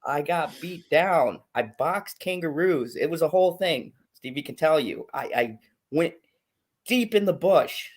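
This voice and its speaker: A man's voice: a little high, lively intonation, unhurried. Joking hype-man streamer guy. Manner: hyped, joking, reads chat aloud. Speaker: host. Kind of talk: casual livestream chat.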